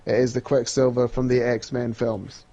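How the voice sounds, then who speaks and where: Excitable Scottish man with a mellow voice. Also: mid-range voice, normal speed, dull audio. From Scotland. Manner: excited, repeats himself when worked up. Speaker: podcast co-host. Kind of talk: casual chat.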